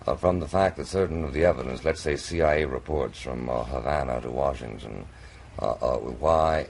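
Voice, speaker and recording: Super deep gravelly guy debating, drawly, stumbles and restarts a lot, faint hiss, old tv sound. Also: animated, normal speed. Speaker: host. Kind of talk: televised debate. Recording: faint noisy old TV recording.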